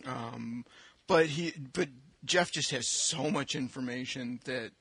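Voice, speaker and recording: Gravelly, dry-sounding chatty man. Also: mid-range voice, takes it slowly, fairly bright tone, no echo. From Michigan, US. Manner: chatty, self-deprecating, fillers. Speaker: podcast co-host, school administrator. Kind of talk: casual chat. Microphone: desk microphone.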